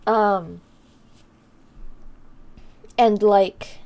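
A woman's voice: mid-range voice, fairly even intonation, extremely slow, darkish tone. A young woman streamer in her twenties chatting casually, teary and laughing, rambling with many fillers. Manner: emotional, laughing through tears, rambling with fillers. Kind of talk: casual live-stream chat.

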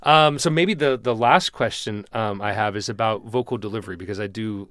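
A man hosting a podcast interview in a studio, asking questions hesitantly with many pauses and restarts. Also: lowish voice, fairly bright tone, no echo. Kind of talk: casual conversational interview. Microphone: studio microphone.

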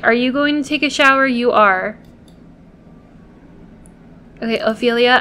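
A woman's voice: high voice, a bit bright, clean tone. A woman hosting a gameplay video, chatting casually to viewers and coaxing and pleading with the characters she controls.

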